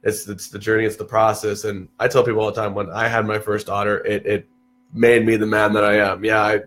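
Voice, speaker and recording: A young man, telling stories in casual chat, full of restarts and acted-out quotes. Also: a little fast. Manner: animated, restarts often, acts out quotes in a higher voice. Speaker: podcast guest.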